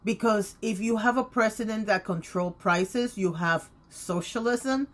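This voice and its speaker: A woman's voice: medium pitch, a little slow. A woman in her late fifties hosting her own channel, talking to camera in an emphatic, outspoken way. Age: 50s. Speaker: vlogger. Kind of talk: casual opinion talk to camera.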